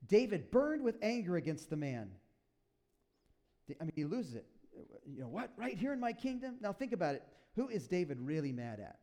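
A man preaching a sermon to a congregation in a church, retelling a story with lively asides and acting out the characters. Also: fairly high pitch, normal speed. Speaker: pastor.

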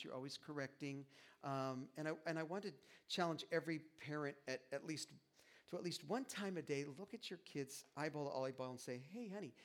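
A middle-aged man preaching a sermon as pastor, animated and jokey, acting out little quoted asides to the congregation. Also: fairly high pitch.

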